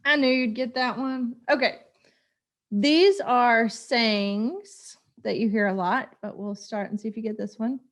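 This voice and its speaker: A woman in her thirties co-hosting a podcast, chatting casually and telling stories in an animated way, laughing often. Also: a little high, unhurried. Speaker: podcast co-host. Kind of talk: casual chat.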